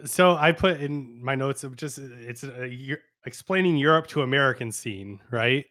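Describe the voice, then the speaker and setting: A man's voice: medium pitch, moderate pace, bright, forceful tone. A man chatting casually as a stream guest about a movie, dry and agreeable with the odd joke. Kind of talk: casual movie review chat.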